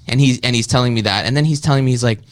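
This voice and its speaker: A man's voice: medium pitch, rapid-fire, no echo. A man from Canada, a podcaster and comedian, telling a story in a rambling way in casual podcast talk. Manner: rambling, animated storytelling with mocking quoted voices. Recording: played clip from another podcast.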